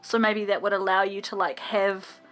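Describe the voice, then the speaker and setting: Bright-voiced woman co-hosting a let's play. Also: mid-range voice, little pitch movement, moderate pace. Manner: reads game text aloud, chatty and joking. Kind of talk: casual gameplay chat.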